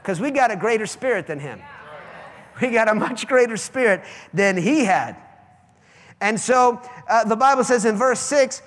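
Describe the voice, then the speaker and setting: Sex: man. Role: pastor. Style: fiery sermon. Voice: very high for a man. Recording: long church-hall reverb. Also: expressive, moderate pace. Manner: preaching with sudden loud, high outbursts and quieter asides. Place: church sanctuary.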